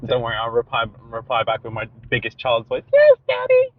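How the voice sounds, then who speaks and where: A man's voice: medium pitch, little pitch movement, quick pace, narrow, tinny audio, slight background noise. A man co-hosting a casual podcast chat, telling stories animatedly with frequent laughs and swearing. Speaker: podcast co-host.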